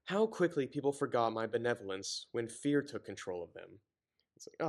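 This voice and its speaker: A man's voice: mid-range voice, lively intonation, normal speed. A man reading a novel aloud, often stumbling, correcting himself and breaking off with sarcastic commentary. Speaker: reader and commentator.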